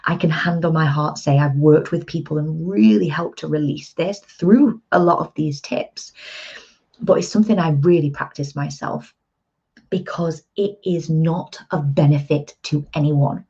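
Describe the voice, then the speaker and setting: A woman's voice: lowish voice, gravelly, dark tone, husky, dull audio. A woman in her thirties, an empowerment coach, giving an earnest, chatty motivational talk to her viewers.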